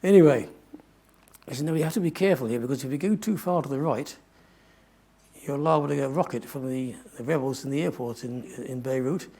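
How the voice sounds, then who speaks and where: A man's voice: medium pitch, brisk, dark tone. An older man giving a talk to an audience, telling a long adventure story in a rambling way and often correcting himself. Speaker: guest speaker.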